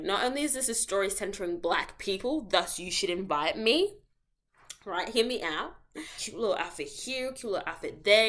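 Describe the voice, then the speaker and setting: Rambling young woman with a bright tone. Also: medium pitch. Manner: rambling, self-interrupting, jumps between topics; playful, exaggerated slangy asides. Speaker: vlogger. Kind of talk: casual rambling monologue.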